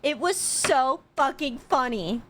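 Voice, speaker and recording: A young woman streamer chatting with her viewers about a convention, bubbly and quick to swear, with lots of "like". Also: sits high, animated, a bit bright, a little hiss or hum. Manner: bubbly storytelling, swears freely, frequent "like". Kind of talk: casual chat to stream viewers.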